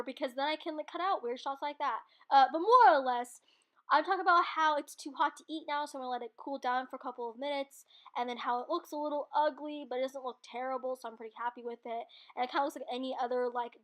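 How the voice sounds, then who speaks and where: High-voiced woman rambling over a cooking clip. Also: a bit bright. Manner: chatty, self-deprecating, laughs often. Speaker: cooking vlogger. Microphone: computer microphone.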